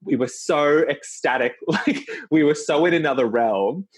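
A man hosting a casual conversation, relaxed and affirming, telling a rambling travel story. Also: on the high side, a little slow, slightly rough.

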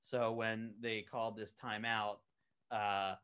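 A man's voice: on the low side, level tone, takes it slowly, a bit bright, smooth. Man, voice actor, casual interview, rambling, lots of fillers, eager. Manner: rambling, many fillers and restarts; eager, enthusiastic. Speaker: voice actor on an animated web series, interview guest.

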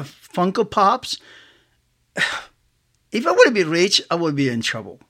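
A man, hosting a casual solo podcast, rambling excitedly, laughing often and acting out both sides of conversations. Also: sits high. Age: 60s. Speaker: podcast host.

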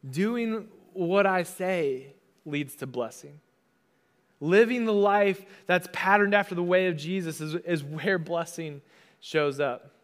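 A man's voice: sits high, slow. A young adult man, a pastor, giving a conversational sermon and casually acting out the voices he quotes.

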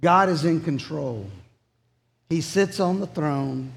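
Male pastor, sermon, high voice, unhurried, emphatic, echoey hall. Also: creaky. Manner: earnest, emphatic preaching.

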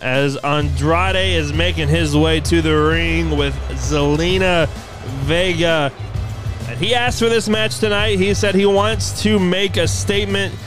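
A man with a high voice narrating wrestling action like a ringside commentator, energetic and announcing. Faint music plays underneath him. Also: a little slow.

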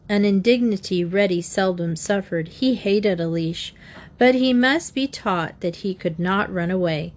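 A woman narrating a children's story in a mid-range voice. She reads steadily and lifts her pitch for the children's lines. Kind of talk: storybook reading.

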